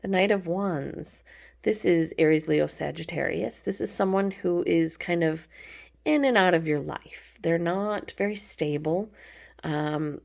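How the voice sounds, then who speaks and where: Woman, low voice, gravelly edge, casual chatty tarot reader. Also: measured pace, darkish tone. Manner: chatty, informal, frequent ums, affectionate terms. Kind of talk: casual pick-a-card tarot reading.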